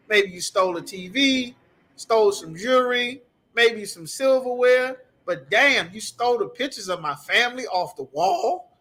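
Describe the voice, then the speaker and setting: In a heated scripture class, a man with a high-pitched, sharp voice rants emphatically, repeating himself and swearing as he breaks down the text.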